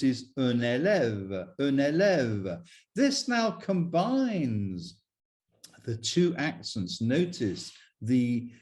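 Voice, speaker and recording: Man, language teacher, slow careful delivery, repeats examples, mid-pitched voice. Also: a little mellow. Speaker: French teacher. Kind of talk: explaining pronunciation rules.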